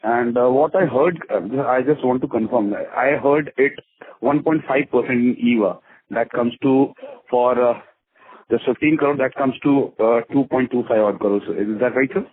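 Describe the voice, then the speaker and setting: A man's voice: mid-range voice, moderate pace, a little hiss or hum. A man with an Indian accent asks an investor question on an earnings call, hesitant and polite, with many fillers. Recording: tinny phone line.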